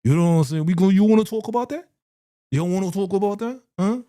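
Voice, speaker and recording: Animated New man reacting live. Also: high voice, quick pace, no room sound, studio quality. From New York. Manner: animated, reads chat aloud, acts out scenes. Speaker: live-stream host.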